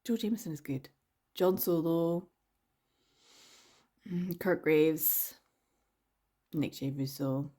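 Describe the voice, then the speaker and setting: A woman's voice: fairly low pitch, big pitch swings, slow, pauses often, warm tone. A woman talking casually as a book vlogger, rambling and enthusiastic, with lots of fillers and laughter. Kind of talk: casual chatty vlog.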